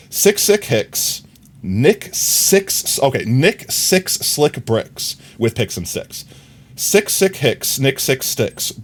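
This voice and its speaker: Young male streamer, easygoing rambler who laughs easily, expressive up-and-down delivery. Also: mid-range voice, breathy edge. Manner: rambling, self-correcting, quick to laugh. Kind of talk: casual live-stream chat while gaming.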